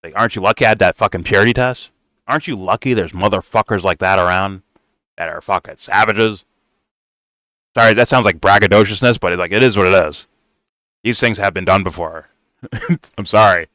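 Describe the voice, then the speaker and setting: A heated man tears into a political video he is reacting to, cursing at every turn. His voice sits a little low and pushes forward with a hard, tense edge, recorded close and dry. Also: brisk, pauses often, pushed and bright, no echo. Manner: blunt, heated, swears constantly, says "bro". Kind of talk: profane reaction rant.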